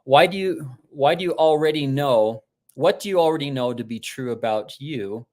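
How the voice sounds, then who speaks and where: A man's voice: mid-range voice, moderate pace. A man giving a live-streamed motivational talk, telling stories conversationally and often restarting his sentences. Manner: animated storytelling, acting out quoted voices. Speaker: motivational speaker.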